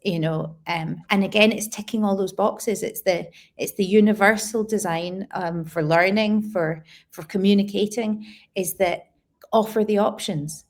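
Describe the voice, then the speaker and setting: A woman educator answers interview questions in a plain conversational way, with a voice of ordinary middle pitch. She lays out practical tips step by step and doubles key words for emphasis. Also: steady tone, unhurried. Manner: explanatory, repeats words for emphasis. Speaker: guest educator.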